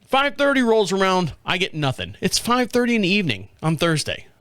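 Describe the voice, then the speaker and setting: A middle-aged man hosting a podcast, telling a story in casual chat, animated, acting out the voices of the people in it and laughing often. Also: high voice, brisk, dry recording. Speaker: podcast host.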